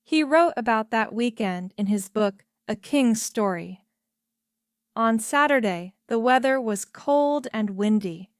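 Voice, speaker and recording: A woman reading a true story aloud in slow, careful scripted narration for English learners. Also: fairly high pitch, animated, clean tone, no echo, studio quality. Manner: careful, evenly paced reading.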